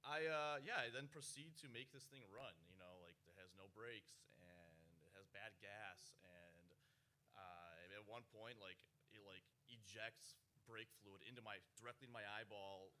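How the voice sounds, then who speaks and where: A man's voice: on the low side, moderate pace, bright, forceful tone, reverberant, far from the mic. A man telling a rambling, profane, jokey story on stage at a live event. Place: live music venue.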